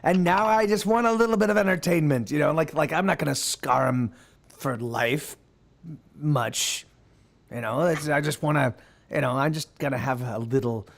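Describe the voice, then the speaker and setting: A man voicing a wretched, leering old male sailor who speaks in a low, menacing croon. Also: moderate pace, vocal fry. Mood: gleeful.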